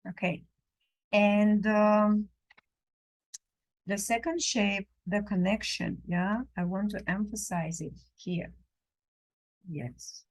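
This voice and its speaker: Slow, gentle woman teaching drawing. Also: mid-range voice, fairly even intonation, low-quality recording. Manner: slow, gentle, non-native phrasing with many pauses. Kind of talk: live drawing lesson. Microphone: camera while drawing at a table.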